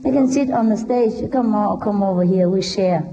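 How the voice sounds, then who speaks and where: A woman's voice: medium pitch, moderate pace, warm tone. A woman speaking to a live audience, playful and laughing often, in a non-native English with a Vietnamese first language. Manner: playful, laughing, chatting with the crowd. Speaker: spiritual speaker. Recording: dull lo-fi live recording.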